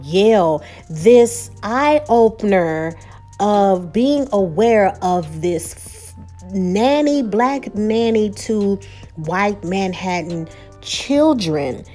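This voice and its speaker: Woman doing a chatty show recap, mid pitch, lots of you knows, faint music under her. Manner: chatty and animated, frequent "you know" and restarts. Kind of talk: casual recap commentary.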